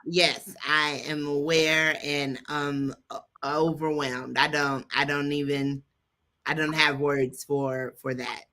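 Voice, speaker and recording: A woman's voice: sits low, level tone, slow, bright, forceful tone. A woman guest, a pastor and mentor, speaking casually in an interview over a video call. She is frank and joking and repeats points for emphasis.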